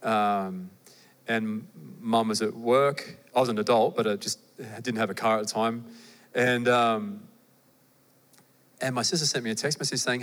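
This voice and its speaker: Young Australian male preacher, chatty and lively, mid-range voice, recorded with hall reverb. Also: medium pitch, unhurried. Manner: conversational and animated, with asides to the audience. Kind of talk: sermon.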